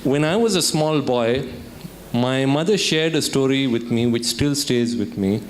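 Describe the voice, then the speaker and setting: Animated yet a little slow, a medium-pitched Indian man gives a motivational keynote at a student summit, mixing a story with questions for the audience. He's in a lecture hall, and a faint hiss or hum can be heard.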